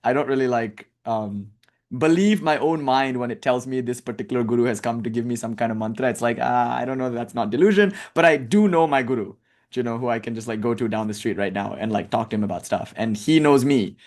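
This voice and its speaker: A man giving a casual, conversational talk as a spiritual teacher, telling stories with lively asides and filler words. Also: mid-range voice, brisk. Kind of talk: casual lecture.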